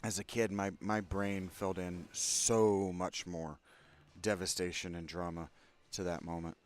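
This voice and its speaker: A man casually commenting while playing a video game, soft-spoken and reflective. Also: sits low, level tone, a little slow. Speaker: game streamer. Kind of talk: casual let's-play commentary.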